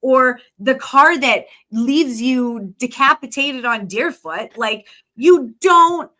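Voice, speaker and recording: A woman, a guest psychic telling stories in a casual podcast chat, animated and acting out the people she quotes. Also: high-pitched, takes it slowly. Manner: storytelling, animated, acts out quoted voices.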